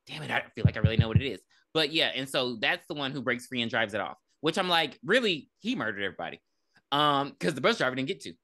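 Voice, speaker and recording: Podcast co-host, woman, bright lively voice; swears freely and tells the story with energy. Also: extremely low pitch, fast. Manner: profane, animated storytelling with laughs. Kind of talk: casual movie recap chat. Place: podcast recording.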